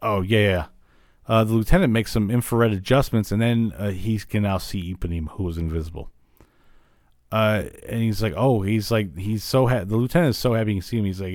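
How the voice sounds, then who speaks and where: A man with a lowish voice recaps an old cartoon for his podcast, rambling along with plenty of "uh"s and "like"s. He grew up in Illinois. The sound is dry and close, with almost no room around it. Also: fairly quick, darkish tone, no room sound. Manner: rambling, filler-heavy retelling. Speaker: podcast host. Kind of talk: casual recap of a cartoon episode.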